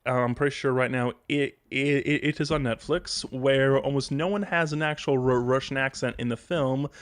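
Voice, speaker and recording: A man's voice: medium pitch, fairly even intonation, normal speed, dry recording. Stammering male podcast host, dry sound. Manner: stammering, repeats words a lot. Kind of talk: casual chat.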